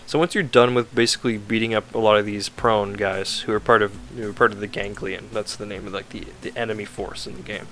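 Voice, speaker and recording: A man's voice: fairly low pitch, steady tone, brisk, few pauses, fairly bright tone. A man giving a rambling, sarcastic, casual game review, swearing often and filling his talk with "like".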